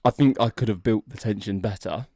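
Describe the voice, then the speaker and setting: A man's voice: lowish voice, brisk, warm tone, no echo, studio quality. A young adult man, a podcast co-host, casually telling a long, rambling joke story and laughing as he goes. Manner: rambling, laughs often, drags out the setup.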